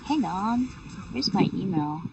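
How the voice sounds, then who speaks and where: A woman's voice: medium pitch, expressive, unhurried, vocal fry, lo-fi sound, background noise. A woman streamer feeling sick with a sore throat, rambling and swearing with lots of fillers in casual live-stream chat. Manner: rambling, profane, many fillers. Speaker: game streamer. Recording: distant mic with music.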